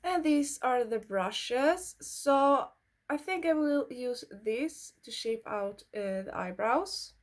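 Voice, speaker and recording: Slow-talking Swedish-accented woman. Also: high voice, expressive. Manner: blunt, swears freely, chatty. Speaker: beauty vlogger. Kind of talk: casual makeup tutorial chat.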